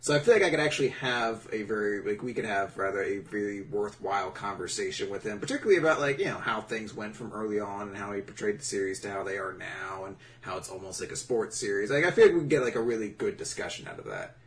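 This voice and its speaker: A man's voice: fairly low pitch, very animated, fast talker, few pauses, a little hiss or hum. Rambling man on a podcast, slightly distant mic. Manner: rambling, many fillers and restarts. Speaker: podcast co-host. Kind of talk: casual podcast chat. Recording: voice a bit far from the mic.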